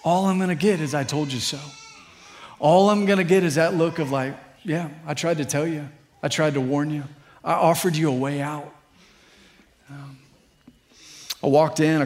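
A middle-aged man preaching a sermon as pastor, earnest and building to fervent appeals. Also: fairly high pitch.

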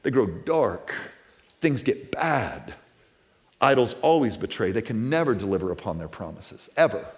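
A man in his thirties preaching a sermon as pastor, talking casually with restarts and repeated words, then rising to loud, emphatic peaks. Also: on the low side, big pitch swings, normal speed.

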